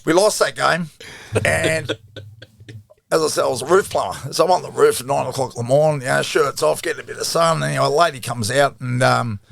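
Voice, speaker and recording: A middle-aged Australian former rugby league player, appearing as a guest in a casual storytelling interview, spins a yarn in a heavily gravelly, fry-laden voice. His voice is mid-range, fairly quick, and a bit bright, recorded dry and close with no echo or room sound. He swears freely and chuckles through his stories.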